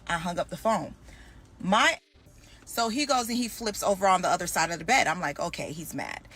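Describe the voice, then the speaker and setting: A young woman talks straight to camera in a storytime vlog, full of energy and switching between herself and the other people in her story. Her voice sits at an ordinary middle pitch for a woman, with nothing unusual about its tone. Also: moderate pace. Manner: animated, acts out both sides of the conversation.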